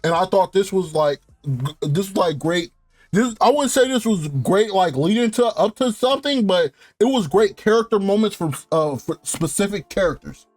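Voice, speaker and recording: A young man with a high, bright speaking voice, rattling off a casual, profane TV recap. He laughs often and gets worked up as he talks. The sound is dry and close, with faint music underneath. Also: lively intonation, moderate pace, no room sound. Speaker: TV show reviewer. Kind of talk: casual review rant.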